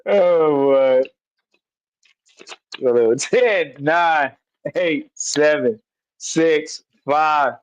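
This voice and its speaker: A man's voice: a little high, very slow, long pauses, smooth, dry recording. A man co-hosting a sports talk stream, playful and teasing, laughing often. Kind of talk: casual sports talk chat.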